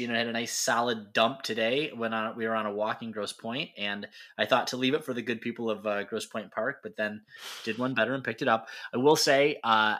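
Playful michigan dude cohosting a sports pod, bright voice, laughs a lot. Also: male voice, medium pitch. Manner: chatty, playful, laughs often. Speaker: podcast co-host. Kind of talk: casual chat.

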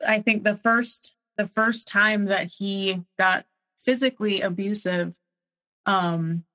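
Woman recounting her past, halting. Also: mid-range voice, a bit bright, rough recording. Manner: halting, many fillers and restarts. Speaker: guest sharing her story. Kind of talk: personal testimony interview.

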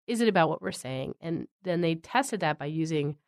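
Woman podcast host, lower voice, very lively intonation, dry close mic. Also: moderate pace, dry recording. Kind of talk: conversational science podcast.

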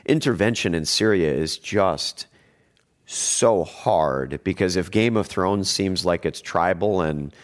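A man's voice: sits low, takes it slowly. A man in a casual discussion who often restarts his sentences and then builds to emphatic points.

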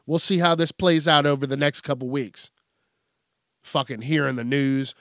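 A man's voice: a little high, moderate pace, a bit bright, no echo, clean studio sound. A man hosting an angry, profane news commentary rant.

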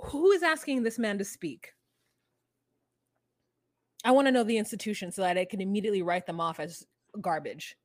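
A woman co-hosting a podcast, recapping a reality show in casual chat, sarcastic and quick, acting out quotes from the show. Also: mid-range voice, no room sound. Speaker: podcast co-host.

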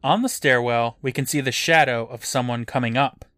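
A man in the middle range of pitch recaps a television episode for a podcast, laying out the plot in a dry, matter-of-fact way. His voice is recorded close and dry, with no room sound around it. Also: moderate pace, a bit bright, dry recording. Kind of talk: casual recap narration.

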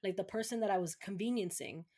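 A woman's voice: medium pitch, fast talker, dark tone. A young woman from Massachusetts, talking candidly and with swearing in a casual podcast chat, acting out what others said. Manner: candid and profane, acts out quoted voices.

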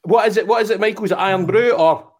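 A man's voice: sits high, fast. A man on a casual football podcast, explaining things in a playful, insistent way. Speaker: podcast panelist.

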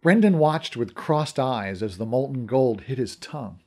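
A man's voice: medium pitch, lively intonation, moderate pace, mellow. A man narrating a story in the first person, reading expressively. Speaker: audiobook narrator.

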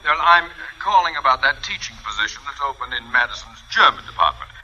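A man's voice: medium pitch, animated, a little fast, sharp tone. A man playing a pompous, blustering school principal in 1950s radio comedy acting. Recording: dull old radio recording.

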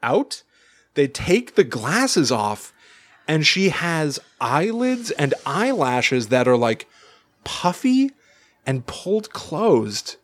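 Chatty male podcast host mid-story. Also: fairly high pitch. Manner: animated, halting storyteller with many restarts and laughs. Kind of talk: casual storytelling chat.

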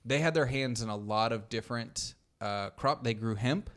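This is a man co-hosting a relaxed talk show, pitched in the middle for a man. He explains things at length, stopping and restarting often with "uh" and "you know." It sounds easygoing and conversational. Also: moderate pace. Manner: rambling explanations full of "uh" and restarts. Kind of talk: casual chat.

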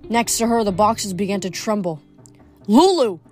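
A woman reading a novel aloud, expressive, with small slips now and then. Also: mid-range voice, a little fast, soft background music. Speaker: audiobook reader.

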